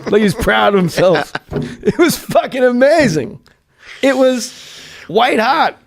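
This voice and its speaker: A man's voice: very high-pitched, slow, gravelly, no room sound, studio quality. A man in casual podcast chat, telling stories animatedly and acting out quotes with frequent laughter. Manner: animated storyteller, acts out quotes, laughs often. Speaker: podcast guest, former comedy writer.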